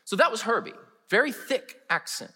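Animated pastor telling stories in a hall. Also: male voice, high voice, normal speed, breathy edge. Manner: animated, humorous storytelling. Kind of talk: sermon with storytelling. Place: large chapel.

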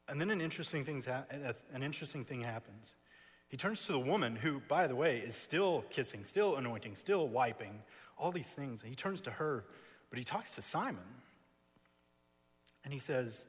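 Male preacher, husky mid-range voice, emphatic expository sermon, long chapel reverb. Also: mid-range voice, animated, a little fast, a bit bright. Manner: emphatic, builds with repeated phrases. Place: seminary chapel.

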